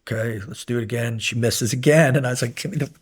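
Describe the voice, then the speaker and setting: Talking fast at a medium pitch, a middle-aged man who once worked as a SEAL instructor rambles through stories as a podcast guest. His casual anecdotes are full of fillers, and he swears and grows animated when describing the yelling.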